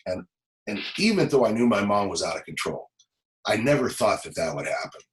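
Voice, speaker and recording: A man in his forties, a former police officer, telling a personal story as a podcast guest, halting and emotional, often repeating words. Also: lowish voice, sing-song, low-quality recording. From Los Angeles. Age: 40s.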